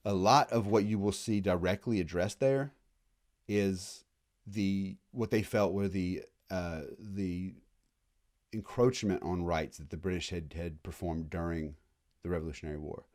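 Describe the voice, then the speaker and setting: A man giving a casual college history lecture in a classroom, joking and acting out quick voices of historical groups. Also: low-pitched, fairly even intonation, a little mellow.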